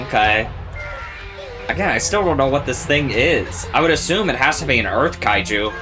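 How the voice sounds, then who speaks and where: A man giving casual reaction commentary to a show, excitable and swearing freely as he talks back at the screen. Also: medium pitch, brisk, hardly any pauses. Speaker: reaction video host. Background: show audio and music playing.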